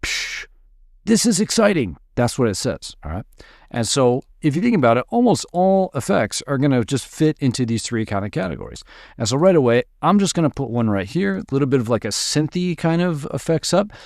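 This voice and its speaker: A man teaching music production in a relaxed, upbeat way, walking through a dance track and sometimes mimicking its sounds with his voice. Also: mid-range voice, brisk, gravelly, dry recording, studio quality. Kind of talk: screen-recorded music production tutorial. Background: dance track playing faintly.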